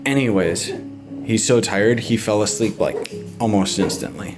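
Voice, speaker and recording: A man's voice: on the low side, normal speed. Young man, casual vlog narration, candid, swears, stressed, music playing behind. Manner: frank, stressed, swears freely. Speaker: vlogger, father of a baby.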